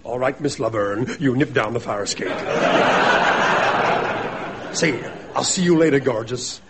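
A man's voice: medium pitch, a little slow, heavy background noise. A man narrating a comedy sketch and playing the girl's father, hammy and mock-dramatic.

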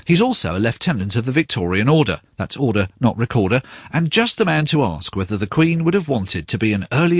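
A man's voice: medium pitch, husky, no room sound. A man presenting a radio documentary in a wry, inquisitive way.

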